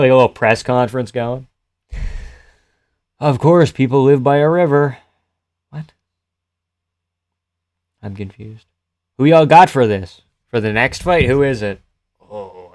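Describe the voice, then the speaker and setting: Guy streaming fight reactions, mid-pitched, swears a lot, trails off, dry close sound. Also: no room sound. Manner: loose and profane, often trailing off quietly. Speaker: live-stream host reading chat.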